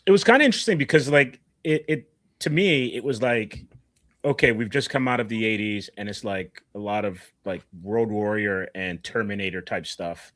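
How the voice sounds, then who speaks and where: A man's voice: on the low side, moderate pace, fairly bright tone, no room sound, studio quality. A man who makes comic books, a guest on a podcast, talking in an easygoing, thoughtful way. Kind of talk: casual chat.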